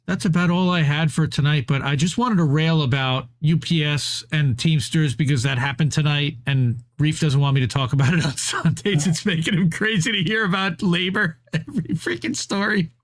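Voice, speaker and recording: A man's voice: a little high, normal speed. A man co-hosting a podcast, ranting about labor in casual, profane, fired-up chat. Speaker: podcast co-host.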